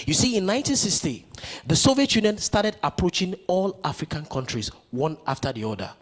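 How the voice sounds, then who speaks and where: A man giving a motivational conference speech, stirring the audience with rhetorical questions. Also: a little high. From Nigeria. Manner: rousing, full of rhetorical questions. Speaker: conference speaker.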